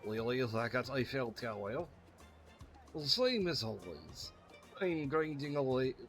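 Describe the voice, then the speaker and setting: A man's voice: mid-range voice, animated, takes it slowly, a bit bright, faint music behind. A man voicing a nervous young male kitchen trainee with a shaky attempt at a French accent, meek and eager to please. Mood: friendly.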